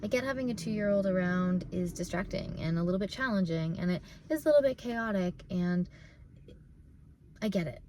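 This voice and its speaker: A woman's voice: mid-range voice, lively intonation, normal speed, a little mellow, a little hiss or hum. A young woman vlogging from her parked car, talking in a rambling way with many fillers and restarts, close to tears. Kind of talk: casual emotional vlog.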